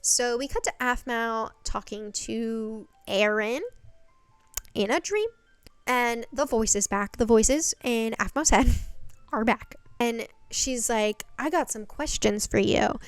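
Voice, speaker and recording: A woman's voice: fairly high pitch, slow, clear, resonant tone, no echo, faint music behind. Sarcastic woman recapping a show. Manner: sarcastic, exasperated commentary. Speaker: video essay host. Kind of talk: casual recap monologue.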